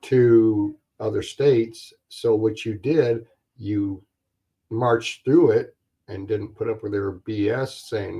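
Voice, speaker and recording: A man hosting a talk show, speaking plainly and a little haltingly as he chats with his guest. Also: fairly low pitch, steady tone, warm tone. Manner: plain-spoken, halting, with fillers. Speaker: host. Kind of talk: casual interview chat. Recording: dull lo-fi audio.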